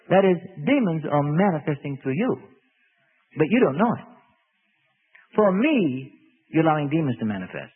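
A high, husky male preacher delivers a lively sermon, his voice leaping up and dropping low. The sound is thin and phone-like, with a long echo off a large hall. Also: normal speed, pauses often. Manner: animated preaching with sweeping pitch swings.

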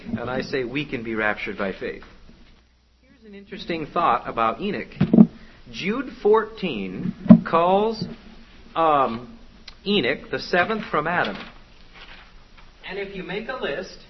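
A man preaching a conversational, exhorting sermon to his congregation. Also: a little high. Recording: dull lo-fi with faint noise.

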